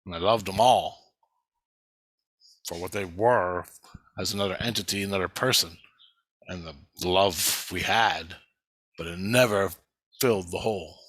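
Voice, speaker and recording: Middle-aged man, bright dry voice, rambling and profane, intense vlog monologue. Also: low voice, measured pace, long pauses, dry recording. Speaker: vlogger.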